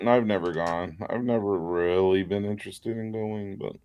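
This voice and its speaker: A man with a deep voice, a pastor chatting casually and laughing easily while crafting on a live show. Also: moderate pace, smooth, muffled recording. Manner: relaxed, laughs often, self-deprecating.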